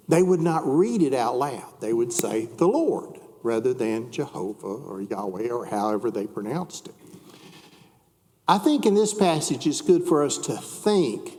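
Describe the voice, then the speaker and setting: A man's voice: medium pitch, dark tone. Man teaching a Bible class in a reverberant church. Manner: conversational, asks the class questions, reads scripture aloud.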